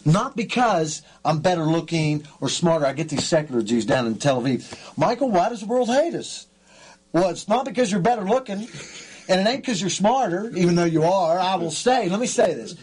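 A husky man hosts a faith-based talk show with a slightly raised pitch. He speaks fervently and excitably and circles back over his own words. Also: brisk. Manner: fervent, excitable, repeats himself. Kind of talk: emotional radio interview.

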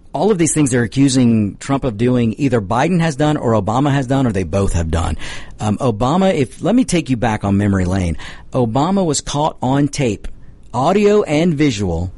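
A man's voice: medium pitch, darkish tone. Male talk radio host, Southern twang, chatty monologue full of ums and false starts. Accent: American Southern. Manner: rambling, many fillers and restarts.

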